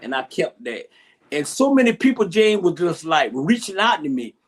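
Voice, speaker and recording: A man's voice: fairly high pitch, big pitch swings, moderate pace. A middle-aged man telling a personal story as an interview guest on a video call, emotional, repeating himself and restarting often.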